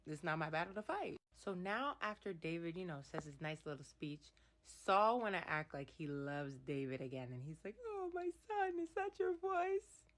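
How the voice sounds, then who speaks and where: A woman's voice: low-pitched, expressive, moderate pace, hardly any pauses, fairly bright tone. A woman vlogger giving casual Bible commentary, reading verses aloud and reacting expressively to the story.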